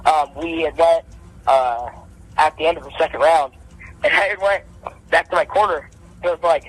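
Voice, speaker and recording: A man's voice: a little fast, pauses often, slightly rough, rough recording. A young man, an amateur boxer, telling his story in casual podcast chat, acting out his punches with repeated sound effects. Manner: animated, acts out punches with repeated "boom".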